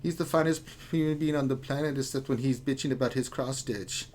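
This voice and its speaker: A man's voice: medium pitch, fairly even intonation, a little mellow, a little hiss or hum, close to an everyday voice. A man voicing a lecherous German man in a put-on German accent, reading names with sleazy innuendo on a live stream. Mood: leering. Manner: sleazy innuendo, drawn-out teasing. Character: lecherous middle-aged German man named Friedrich.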